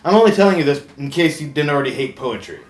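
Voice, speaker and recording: A man playing a goofy, punning male shark who hosts a comedic late-night talk show, delivering a deadpan monologue and chuckling at his own jokes. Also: fairly high pitch, quick pace, natural voice. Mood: wry. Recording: roomy echo with faint background hum.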